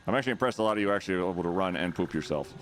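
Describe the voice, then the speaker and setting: A man's voice: low voice, rapid-fire, a little hiss or hum. A man streaming a video game, chatting with his viewers in a playful, jokey way. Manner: playful, jokey, shrieks and laughs. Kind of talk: casual live-stream chat.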